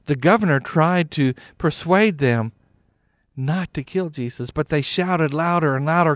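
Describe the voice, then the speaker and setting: A man's voice: a little high, unhurried, no room sound, studio quality. A man narrating a Bible story in a plain, conversational way, often starting with "well".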